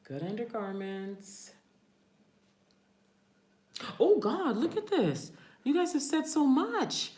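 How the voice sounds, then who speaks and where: A woman's voice: a little high, big pitch swings, slow, long pauses, darkish tone, roomy sound. A woman hosting a casual live stream, chatting with viewers, reading their comments aloud and laughing often. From family from New Orleans. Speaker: livestream host.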